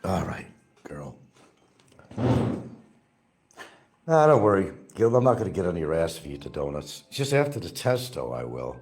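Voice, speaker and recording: A man's voice: sits low, very animated, measured pace, long pauses, darkish tone, a little hiss or hum. A man talking casually and wryly on a home livestream, drifting into sing-song bits and baby talk to his dogs. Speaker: livestream vlogger.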